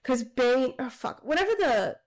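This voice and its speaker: Female podcast co-host, higher register, lively casual recap with acted-out quotes. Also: moderate pace, rough recording. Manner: animated retelling with quoted voices, swearing. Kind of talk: casual book discussion.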